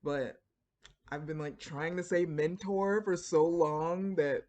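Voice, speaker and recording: A woman's voice: sits low, fairly even intonation, slow, a little mellow. A woman with a Floridian accent talking casually to camera in a chatty, rambling way, full of fillers and asides. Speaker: writing vlogger.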